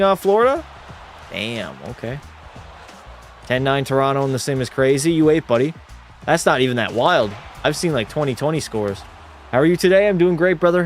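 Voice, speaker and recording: Excitable young man streaming a hockey game. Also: fairly high pitch. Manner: blunt, chatty, reacts to chat with jokey banter. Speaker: streamer hosting a hockey watch party. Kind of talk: casual live-stream chat and play-by-play.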